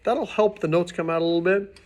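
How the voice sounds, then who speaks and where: A man's voice: high voice, steady tone, a little fast. A man teaching beginners trumpet basics, explaining patiently in a plain, casual way with the odd restart. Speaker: music teacher. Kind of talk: instructional demonstration.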